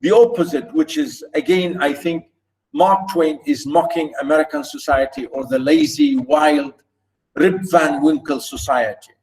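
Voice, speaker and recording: A man's voice: fairly high pitch, animated, unhurried, gravelly, a little mellow, poor audio. A man teaching a literature lesson, explaining a passage by restating points again and again with emphasis. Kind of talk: recorded literature lecture.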